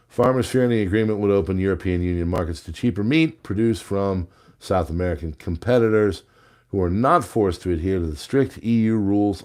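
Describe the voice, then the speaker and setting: A man's voice: deep voice, a little mellow. A man hosting a news commentary show, reading headlines and adding sarcastic, jokey asides. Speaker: host.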